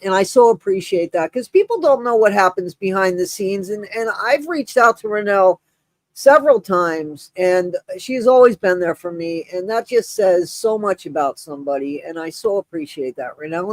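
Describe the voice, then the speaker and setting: A man's voice: high voice, expressive, normal speed, no room sound. A man hosting a casual live stream, effusive and rambling, greeting viewers by name while short of breath. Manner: effusive, rambling, with many restarts and shout-outs.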